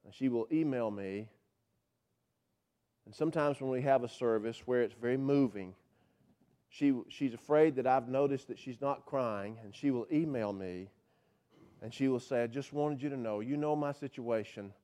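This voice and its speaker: A male pastor delivering a sermon, swinging from loud, drawn-out emphasis to soft, hushed passages. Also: medium pitch. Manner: drawn-out, slowed words for emphasis.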